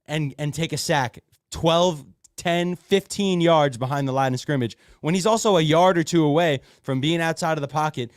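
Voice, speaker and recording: A man's voice: fairly high pitch, normal speed, no room sound, clean studio sound. A man co-hosting a sports podcast, venting sarcastically about his team's offense. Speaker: podcast co-host. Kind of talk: heated sports call-in podcast.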